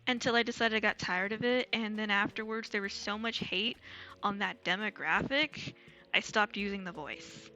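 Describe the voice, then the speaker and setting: Bright-voiced woman streamer, crude and candid. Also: normal speed, lo-fi sound. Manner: candid, crude, laughs often; slides her voice higher and lower at will. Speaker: VTuber streamer. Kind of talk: casual live-stream chat.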